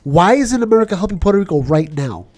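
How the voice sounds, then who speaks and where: Ranting New York man, soft voice. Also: sits high, fast. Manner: animated, ranting, keeps asking "you know what I'm saying". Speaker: podcast co-host. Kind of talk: casual chat.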